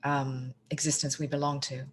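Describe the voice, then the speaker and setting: A woman hosting a podcast interview, asking questions and affirming her guest in a measured way. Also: very deep voice, flat delivery, slight background noise. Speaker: podcast host.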